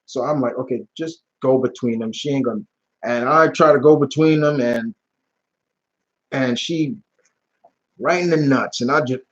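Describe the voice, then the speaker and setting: A man's voice: medium pitch, normal speed, pauses often, lo-fi sound. Casual slangy man on a live stream. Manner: rambling, animated storytelling with slang and restarts. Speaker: YouTube channel host answering live chat questions.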